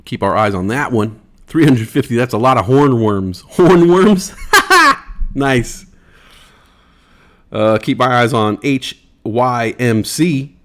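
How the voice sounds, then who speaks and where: A man's voice: mid-range voice, measured pace. A man hosting a casual livestream in a laid-back way, reading chat aloud and laughing easily. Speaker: livestream host.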